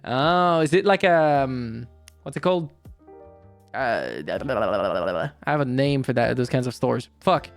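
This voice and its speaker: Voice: medium pitch, animated, takes it slowly, faint music behind. A streamer chatting casually while playing a game, rambling, correcting themselves and swearing offhand.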